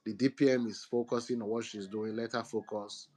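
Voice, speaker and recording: A man's voice: on the low side, little pitch movement, brisk, darkish tone, husky. A man speaking in a casual online talk, earnest and rambling with hesitant fillers. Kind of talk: casual chat.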